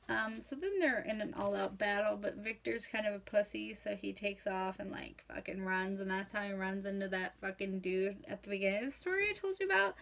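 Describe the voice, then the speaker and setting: A woman's voice: medium pitch, creaky. A drunk young woman retelling a classic novel in a rambling, profane, casual way. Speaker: comedic host retelling a novel. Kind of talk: tipsy casual storytelling.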